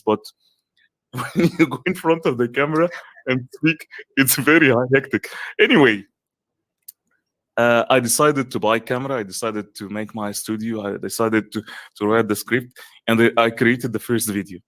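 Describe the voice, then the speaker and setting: A man speaking English with an Arabic accent, as a guest in an online interview. His delivery is earnest and emphatic, full of repeated phrases and restarts. The voice sits at a middle pitch and sounds dry and close. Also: a bit bright, dry recording.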